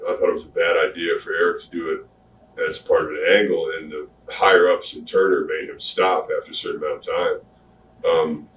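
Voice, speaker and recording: Retired wrestler, middle-aged, deep and drawling, animated retelling; roomy far-off mic, faint background hum. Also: male voice, fairly quick. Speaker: retired pro wrestler telling stories. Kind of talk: shoot interview, candid storytelling.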